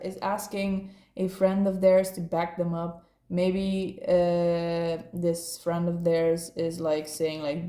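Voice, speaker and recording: A woman's voice: lowish voice, flat delivery, takes it slowly, warm tone, reverberant. A woman doing a casual, playful tarot card reading, rambling and laughing often.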